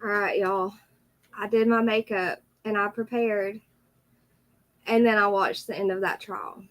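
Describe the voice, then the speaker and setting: A woman's voice: mid-range voice, unhurried, rough recording. A woman hosting a casual livestream, teary with a runny nose, greeting her viewers one by one. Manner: greets viewers by name, chatty. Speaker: livestream host.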